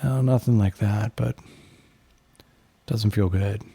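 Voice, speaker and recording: A man's voice: on the low side, slow, creaky, dark tone, husky, no echo, full character voice. A man voicing a bitter young scavenger driver who talks bluntly and swears a lot. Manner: blunt and profane.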